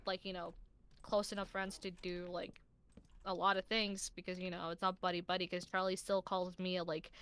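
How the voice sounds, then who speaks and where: Young woman, fairly high voice, casual stream chat, rambling, lots of fillers, earnest. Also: fairly bright tone, clear, resonant tone. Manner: rambling, filler-heavy, earnest defending characters. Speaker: streamer and roleplay series member. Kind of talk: casual chat about a roleplay series.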